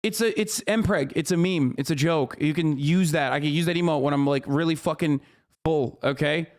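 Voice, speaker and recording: A man's voice: a little high, moderate pace. A man streaming live, reacting to a clip in an exasperated, profane rant.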